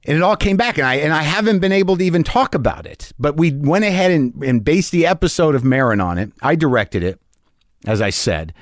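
Animated, profane man telling a story. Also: on the high side, no echo, clean studio sound. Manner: animated, profane, emotional, acts out his own past lines. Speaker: comedian. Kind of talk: storytelling in conversation.

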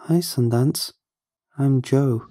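A man's voice: mid-range voice, takes it slowly, dark tone, voice pushed up. A man voicing a frightened teenage boy, his own younger self, who talks hesitantly and pleads when scared. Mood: nervous.

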